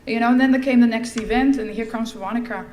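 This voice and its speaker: A middle-aged woman giving a personal testimony at a recovery fellowship event, telling her story in a lively way and acting out the lines she quotes. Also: fairly high pitch, fast talker, slight background noise. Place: large event hall. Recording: echoey hall with faint ambience.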